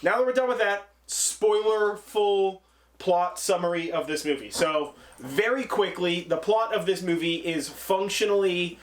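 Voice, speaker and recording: A man's voice: high-pitched, a bit bright. A man hosting a casual movie review chat, rambling and swearing freely while retelling scenes.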